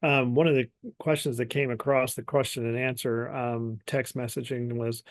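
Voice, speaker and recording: A man moderating a career panel, relaxed, with a lot of hesitating fillers. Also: mid-range voice, moderate pace, hardly any pauses, no echo.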